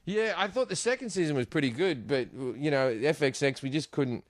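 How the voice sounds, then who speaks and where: A man's voice: fairly high pitch, expressive, fairly quick, no echo. A man telling profane, laughing anecdotes in casual chat, acting out the voices of the people in them. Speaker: guest comedian. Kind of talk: animated storytelling chat.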